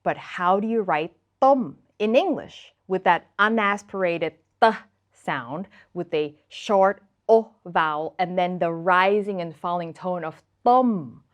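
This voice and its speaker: A woman from Thailand, whose first language is Thai, hosting a cooking show and explaining things to camera in a lively, playful way, drawing out example words slowly. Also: lowish voice.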